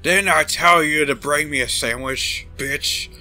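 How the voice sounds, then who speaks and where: A man's voice: on the high side, unhurried, pushed and bright, faint music behind, voice pushed up. A man voicing a gluttonous, arrogant male corporate boss in a comedic fan dub of a game, crude and boastful. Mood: bossy. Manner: crude, boastful, smacking over cake.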